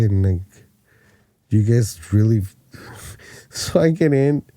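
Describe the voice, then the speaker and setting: A man in his forties from Mexico, a podcast guest telling animated, profane stories with frequent laughs. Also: lowish voice, takes it slowly, pauses often, dry recording, clean studio sound. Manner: laughing, swearing, animated anecdotes. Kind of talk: casual storytelling chat.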